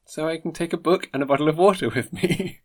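A man's voice: fairly high pitch, quick pace. A man co-hosting a comic chat, dry and wry, laughing often. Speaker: podcast co-host.

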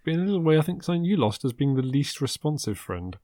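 A man co-hosting a comic chat, playful and halting as he sets up scenes. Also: a little high, very animated, warm tone, no room sound, studio quality. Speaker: podcast co-host.

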